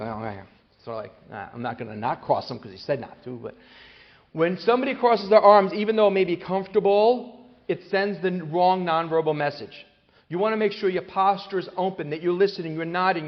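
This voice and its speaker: A man with a fairly high voice lectures a live audience, switching into playful quoted voices to make his points. The sound is muffled and lo-fi, with a long reverb from a large hall. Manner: animated, acts out quoted voices with jokes. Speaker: speaker on parenting.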